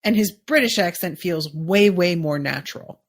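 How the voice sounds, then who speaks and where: A woman's voice: fairly low pitch, animated, moderate pace. A woman hosting a podcast, casually recapping a TV episode in a chatty, musing way with plenty of "like" asides. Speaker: podcast host.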